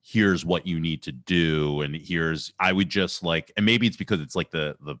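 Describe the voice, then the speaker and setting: A man's voice: low voice, moderate pace, fairly bright tone, no room sound, clean studio sound. A man hosting a podcast, chatting casually in long, rambling sentences. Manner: rambling, loose phrasing. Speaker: podcast host. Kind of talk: casual chat.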